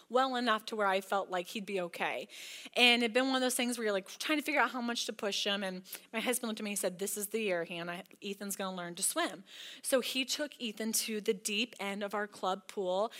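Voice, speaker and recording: A woman in her thirties preaching to a women's church meeting, telling a family story with animated quoted voices. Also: high-pitched. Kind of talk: sermon with personal story.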